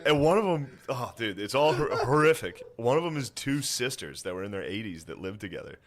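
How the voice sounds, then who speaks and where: Profane laughing man, animated pitch. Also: fairly quick, noisy background. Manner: laughs through his telling, acts out lines in loud shouts; profane, drops to a mumble for grim details. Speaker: podcast co-host. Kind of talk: casual comedic chat.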